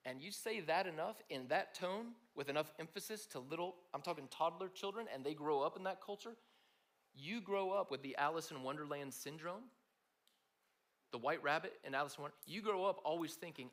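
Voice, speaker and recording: A man's voice: fairly high pitch, normal speed, a bit bright. A man giving a conversational sermon to a room of students, talking to them directly. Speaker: speaker at a student gathering.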